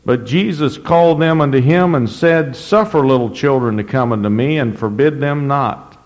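A man preaching a sermon, reading scripture slowly and deliberately, with rising emphasis and frequent throat clearing. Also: mid-range voice. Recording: dull lo-fi recording in a reverberant hall.

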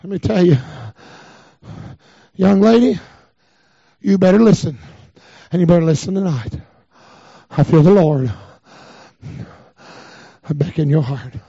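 Man, revival preacher, high voice, fervent, shouting cries, dull dry recording. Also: a little slow, gravelly, long pauses, slightly rough, no room sound. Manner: fervent, breaking into shouted cries, then dropping low. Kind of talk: revival sermon.

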